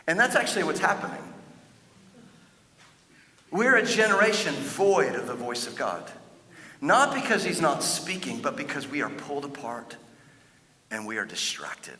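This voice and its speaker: A man's voice: fairly high pitch, sharp tone. A male pastor preaching a sermon in a conversational, storytelling way, often stumbling over and restarting his words. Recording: echoey hall with long reverb.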